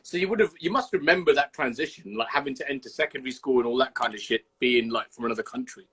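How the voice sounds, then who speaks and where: A host from Birmingham, England, runs a casual video-call interview in a fast, husky, slightly bright medium-pitched voice. He's chatty and blunt and swears freely.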